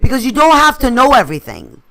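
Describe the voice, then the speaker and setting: Co-host: woman, effusive, gushing compliments, lively bright voice. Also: high voice, fast, vocal fry. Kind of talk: casual chat.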